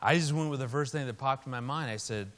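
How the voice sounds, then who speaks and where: A man preaches through a family story, slipping into the voices of his characters as he goes. His voice sits at an ordinary middle pitch, and the sound carries a long reverb from a large hall. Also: quick pace. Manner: animated storyteller, acts out quotes. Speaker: speaker. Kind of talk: storytelling sermon.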